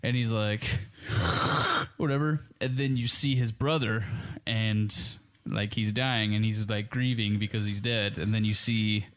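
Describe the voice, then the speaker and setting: A man in casual podcast chat, excitable, cutting in with jokes and ideas. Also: fairly low pitch, normal speed, hardly any pauses. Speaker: podcast co-host.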